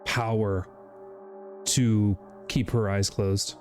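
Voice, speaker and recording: A man streaming a game, giggling often, swearing, and breaking into sudden high shrieks as he comments to chat. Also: fairly even intonation, extremely slow, soft background music. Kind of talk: gaming livestream commentary.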